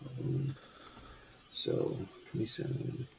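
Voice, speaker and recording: A man's voice: drawn-out words, darkish tone, poor audio. A man narrating as game master, describing scenes in a loose, rambling way with many fillers.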